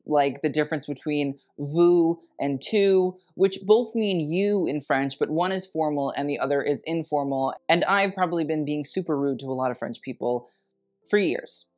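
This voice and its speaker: A YouTuber giving a sarcastic, snarky fashion critique in a scripted vlog, with wry deadpan asides. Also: mid-range voice.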